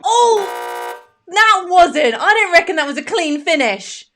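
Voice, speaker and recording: A woman's voice: very high voice, big pitch swings, slow, sharp tone. A woman co-hosting a children's craft show, chatty and bubbly. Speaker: co-host. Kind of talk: playful kids' craft show chat.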